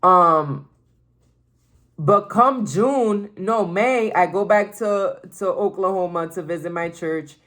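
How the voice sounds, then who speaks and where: Lower-voiced woman giving emphatic testimony. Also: slow pace, fairly bright tone. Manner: emphatic, repeats phrases, frequent "like". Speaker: faith testimony speaker. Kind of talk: casual personal testimony.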